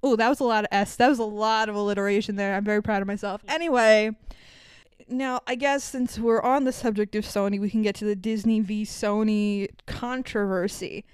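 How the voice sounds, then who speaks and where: A woman's voice: mid-range voice, fairly quick, smooth, dry recording. A woman co-hosting a podcast, chatting casually and swearing freely as she tells a story with mocking quoted voices. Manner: profane, animated storytelling with mock quotes. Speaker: podcast co-host. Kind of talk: casual chat.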